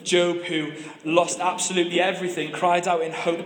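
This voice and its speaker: A man's voice: high voice, level tone, moderate pace, fairly bright tone, reverberant, a little hiss or hum. A man preaching a sermon, telling stories with humor and often restarting his phrases. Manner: storytelling with humor and repeated restarts.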